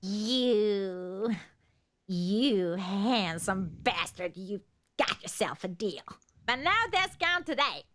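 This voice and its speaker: A woman's voice: mid-range voice, animated, slow pace, a bit bright. A woman voicing a brash, flirty, foul-mouthed trader in a game.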